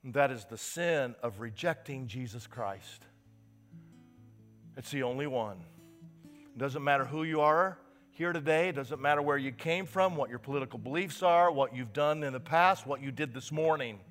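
A man's voice: mid-range voice, normal speed. A male pastor preaching a sermon with passion, stressing his points by repeating words. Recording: reverberant hall with soft guitar.

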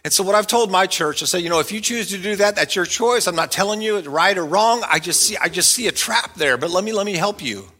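A middle-aged man, a pastor, preaching a sermon. He swings between loud, playful stretches and quiet, earnest asides. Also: sits high, expressive, quick pace, hardly any pauses.

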